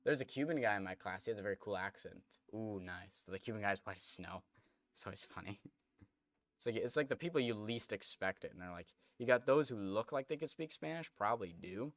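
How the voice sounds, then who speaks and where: Rambling young man with a bright voice. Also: on the low side, expressive, brisk, no room sound. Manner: rambling, chatty, many restarts. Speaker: gaming streamer. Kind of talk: casual gameplay commentary.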